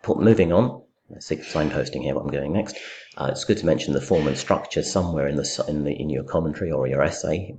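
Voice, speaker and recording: Very deep-voiced male literature teacher. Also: darkish tone, a little hiss or hum. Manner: thinking aloud, frequent fillers and restarts. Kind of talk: recorded lecture, poetry commentary.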